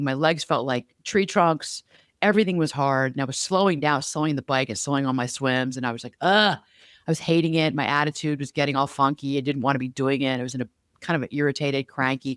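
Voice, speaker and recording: Smooth-voiced animated woman podcaster. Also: very deep voice, quick pace, dry recording, clean studio sound. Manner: animated storyteller, lively and chatty. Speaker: podcast co-host. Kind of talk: casual podcast conversation.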